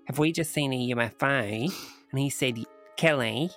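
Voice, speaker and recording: Guy doing a breathless australian lady telling a story, soft music behind. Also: mid-range voice, normal speed, natural voice. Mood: excited. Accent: put-on Australian. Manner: breathless storytelling, quoting others. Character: Australian woman excitedly recounting a UFO sighting.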